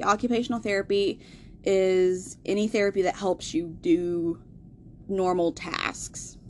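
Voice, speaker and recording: A woman's voice: fairly low pitch, a little hiss or hum. A young adult woman hosting a podcast, telling a hard personal story in a casual, candid way, swearing freely and laughing through the grim parts. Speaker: podcast host.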